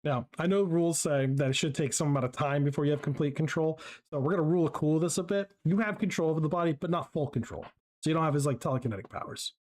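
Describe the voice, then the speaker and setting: Guy gm with a kinda high voice, slow drawn-out narrating of the game. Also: darkish tone. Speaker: game master.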